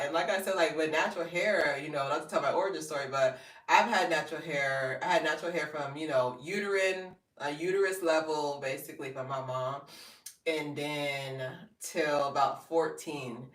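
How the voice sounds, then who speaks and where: Chatty woman vlogger, echoey and distant. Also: normal speed. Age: 30s. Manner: animated storytelling, jumps high when quoting people; laughs often, chatty asides to viewers. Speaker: fashion and hair vlogger. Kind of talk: casual live-stream chat. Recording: roomy, set back from the mic.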